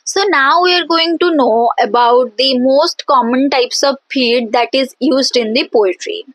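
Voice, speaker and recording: A woman teaching a lesson on poetry, speaking deliberately with frequent fillers and repeating example words slowly. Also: high-pitched, no room sound, low-quality recording. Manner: drawn-out pronunciation of example words. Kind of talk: explanatory lesson.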